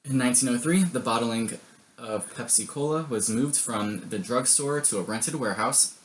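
A man's voice: mid-range voice, moderate pace, slight background noise. Joking young man reading history facts. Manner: joking, rambling asides. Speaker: podcast co-host.

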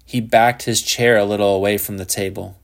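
A man narrating a literary short story in a measured, unhurried reading. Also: fairly low pitch, steady tone, creaky.

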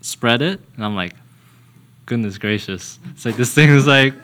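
A young man appears as a podcast guest, speaking casually in a halting, hesitant way and often restarting. His voice is medium in pitch and a bit bright.

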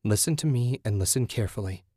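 A man's voice: fairly low pitch, expressive, quick pace, mellow, slightly rough, no echo, clean studio sound. A man voicing a tense, guarded man who speaks carefully and urgently. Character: tense wary man playing along.

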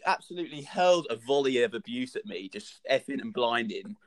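A young man telling a funny anecdote in a casual, animated, sweary way, laughing along as he goes. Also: mid-range voice, brisk.

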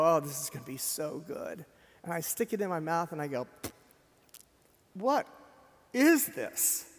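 A middle-aged man, a pastor preaching at a memorial service, telling a story with animated swings from loud emphasis to quiet. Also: sits high. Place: church sanctuary. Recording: long reverb of a church hall.

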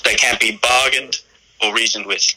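A man doing an impression of an older British actor, with a put-on British accent and a slow, menacing delivery, heard over a phone call. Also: medium pitch, fairly even intonation, crowd noise, lightly acted. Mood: ominous.

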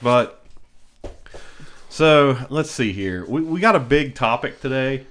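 A man's voice: medium pitch, lively intonation, takes it slowly, fairly bright tone. A man co-hosting a podcast, telling stories in casual chat, rambling with restarts and frequent laughter. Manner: rambling storyteller, laughs often, many restarts. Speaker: podcast co-host.

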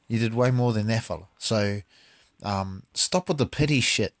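A man's voice: lowish voice, normal speed, no echo, clean studio sound. A man, a martial artist talking bluntly and profanely in a casual monologue.

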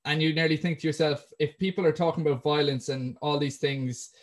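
A man's voice: on the high side, steady tone, a little fast. An Irish man hosting a casual interview, rambling a little as he reads out listener questions. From Ireland. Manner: rambling, many fillers and restarts. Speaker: podcast host.

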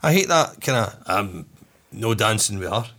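A man's voice: lowish voice, moderate pace. A Scottish man co-hosting a podcast in casual chat, telling stories with swearing and laughter. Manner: swearing, laughing, animated storytelling. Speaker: podcast co-host.

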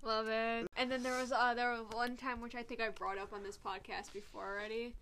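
A woman co-hosting a podcast with a bright, sharp voice that sits a little high. She chats casually, blunt and teasing, with plenty of swearing. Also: level tone, fairly quick, slight background noise. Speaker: podcast co-host. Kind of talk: casual chat.

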